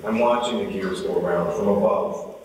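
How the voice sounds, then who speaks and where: A man in his forties giving a motivational speech, telling a personal story and getting more animated as he goes. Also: sits low, normal speed, slight background noise. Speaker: motivational speaker. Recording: echoey hall, from far off.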